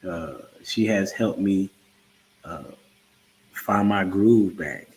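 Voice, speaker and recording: A man in his thirties hosting a casual livestream chat, telling a story in a laid-back, halting way with lots of fillers. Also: deep voice, darkish tone, low-quality recording. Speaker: podcast host.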